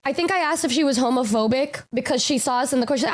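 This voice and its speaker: A woman's voice: sits high, fast. A woman streamer telling a story in a rambling, casual way, repeating words and stammering.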